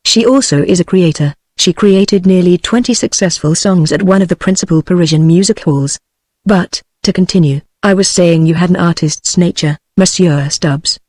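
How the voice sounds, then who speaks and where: A text-to-speech woman's voice with a British English accent, reading a classic novel aloud in an even, machine-read manner. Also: lowish voice, no echo, studio quality. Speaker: narrator. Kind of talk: synthetic audiobook narration.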